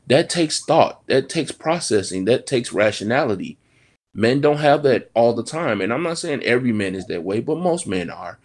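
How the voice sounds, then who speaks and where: A man's voice: medium pitch, expressive, normal speed. A man talking frankly and animatedly in a casual podcast conversation, swearing now and then.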